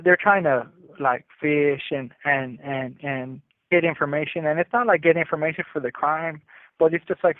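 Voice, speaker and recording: A man's voice: fairly high pitch, no echo. Man telling his story over a tinny phone line. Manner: candid, streetwise, retelling youth memories. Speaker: incarcerated caller. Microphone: prison phone.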